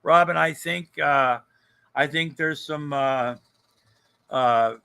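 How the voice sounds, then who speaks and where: A man's voice: on the high side, slow pace, creaky, bright, forceful tone, smooth. An older man co-hosting a casual livestream chat, joking, rambling and swearing freely. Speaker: co-host.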